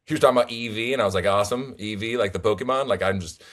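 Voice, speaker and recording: A young man recapping his card tournament games in casual, animated, rambling storytelling full of restarts. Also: fairly low pitch, racing. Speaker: tournament player guest.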